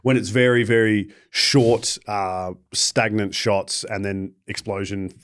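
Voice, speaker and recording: A male podcast host chats loosely and drifts through his thoughts with plenty of fillers. His voice sits somewhat low. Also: steady tone, slow pace, smooth. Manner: rambling, with many fillers, trailing off. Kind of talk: casual interview chat.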